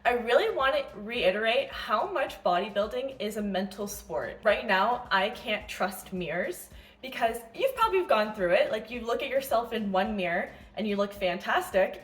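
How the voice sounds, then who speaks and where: A woman competing in bodybuilding, telling a story and giving diet tips in a chatty, animated way that swears freely. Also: medium pitch, fairly quick. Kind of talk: casual storytelling vlog.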